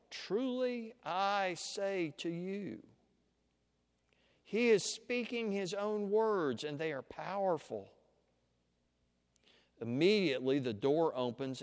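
Slow, lively-pitched male preacher. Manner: slow, deliberate teaching voice with dramatic pauses. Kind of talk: sermon with guided imagination exercise. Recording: long hall reverb.

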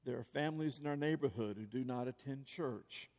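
A man's voice: mid-range voice, fairly quick, darkish tone, long reverb tail. A male pastor preaching a sermon in an earnest, rhetorical way, full of repeated questions.

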